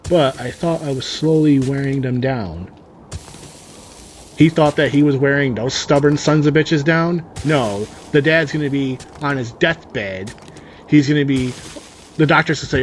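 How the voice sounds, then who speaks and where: A man's voice: medium pitch, a little slow, slightly rough. A man reading a story aloud and adding sarcastic, rambling comic asides over gameplay. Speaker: story reader and commentator.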